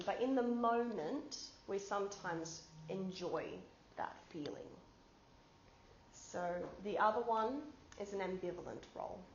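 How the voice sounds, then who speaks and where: Woman presenting in an echoey room. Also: mid-range voice. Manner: explains with everyday examples and gives the audience instructions. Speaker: workshop presenter. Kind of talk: conference workshop talk. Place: conference room. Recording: echoey room, dull sound, background noise.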